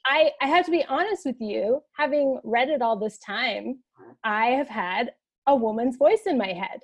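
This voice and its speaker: A woman's voice: on the high side, normal speed, lo-fi sound. A Canadian woman hosting a podcast, asking curious questions in casual chat. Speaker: podcast host.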